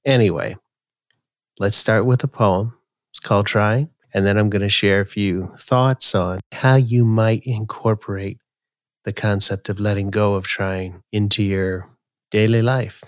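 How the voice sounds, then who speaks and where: A man's voice: fairly low pitch, no echo, clean studio sound. A man hosting a podcast, chatting casually in a folksy way and reading his own poem aloud. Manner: slow, relaxed, folksy delivery. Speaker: podcast host. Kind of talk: casual talk and poetry reading.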